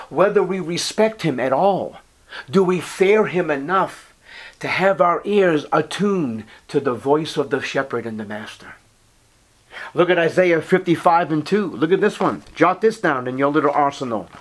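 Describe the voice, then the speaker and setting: A man preaching a sermon, reading scripture in old-fashioned wording and pleading with his listeners, his voice dropping to a hush and then rising to ringing emphasis. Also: on the high side. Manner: swings from hushed to ringing emphasis; pleading, urgent appeals to listeners.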